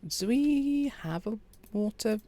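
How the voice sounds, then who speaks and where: A woman, quietly commentating a farming game and chatting with her viewers. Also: a little high, takes it slowly. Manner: quiet, relaxed, chats with viewers. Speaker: streamer. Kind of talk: calm gameplay commentary.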